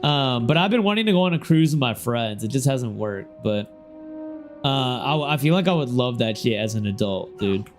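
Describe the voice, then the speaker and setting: A man's voice: medium pitch, moderate pace, faint music behind. Slangy young man streaming, chatting loosely. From Ohio. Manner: loose, slangy, reacts with sudden excited shouts. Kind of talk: casual game stream chat.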